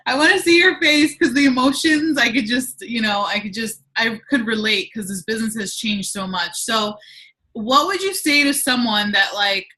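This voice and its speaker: A woman's voice: a little high, normal speed, sharp tone, a little hiss or hum, rough recording. A woman hosting a casual interview, chatty and full of ums and restarts. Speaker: host interviewer.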